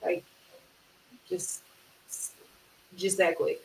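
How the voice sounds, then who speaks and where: A woman, a music producer, chatting casually in an interview, agreeable and quick to chime in. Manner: agreeable, talks in quick bursts, many "yeah"s. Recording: roomy, distant mic with faint hiss.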